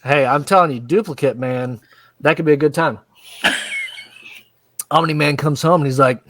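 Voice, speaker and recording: An American man hosting a casual recap chat, rowdy and swearing, acting out scenes in quick voices. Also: fairly high pitch, huge pitch swings, a bit bright. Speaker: podcast host recapping a show.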